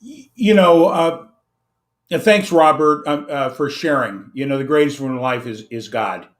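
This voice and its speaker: A man's voice: on the high side, normal speed. A man hosting an interview as a financial coach, summing up his guest's points in an earnest, reflective way with repeated phrases and fillers.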